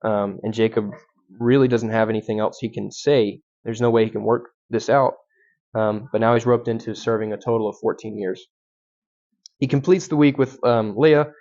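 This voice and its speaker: A man's voice: on the low side, fairly even intonation, normal speed, a little mellow. A young adult man, a guest speaker, teaching through a Bible passage in a conversational way, with frequent ums and restarts. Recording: dull lo-fi sound.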